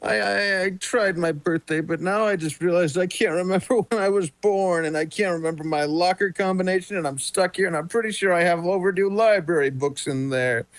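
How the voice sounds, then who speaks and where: Flustered rambling caller played by a man, stammering, slightly high voice, dry close sound, improv comedy. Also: brisk, few pauses, no echo. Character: frantic man lost in his old school. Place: video call from home.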